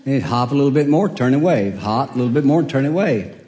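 Speaking briskly in a mid-range, mellow and expressive voice, this older man is a pastor whose sermon is built on folksy tales. He tells homespun jokes and family stories, laughing at his own punchlines, while a church hall's long reverb trails his words.

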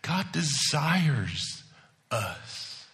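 A man preaching a sermon to his church, moving between hushed asides and emphatic declarations. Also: a little high, big pitch swings, very slow. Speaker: pastor.

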